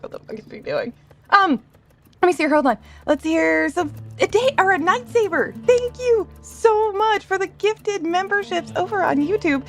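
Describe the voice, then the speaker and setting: A woman live-streaming a game, chatting with viewers and reading chat aloud, bubbly, laughing often and swearing freely. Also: very high-pitched. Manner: reads chat messages aloud.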